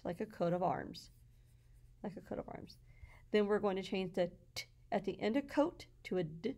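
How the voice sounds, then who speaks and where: Patient and explanatory, a female teacher works through her lesson slides, slowly sounding words out. She speaks at a medium pitch with a dark tone.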